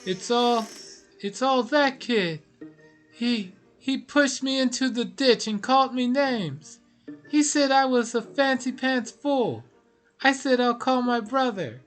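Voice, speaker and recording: A man voicing a weepy, whiny little boy from a video game, pleading in a high, childish voice. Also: lively intonation, slow pace, a bit bright, soft background music, exaggerated voice. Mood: sobbing.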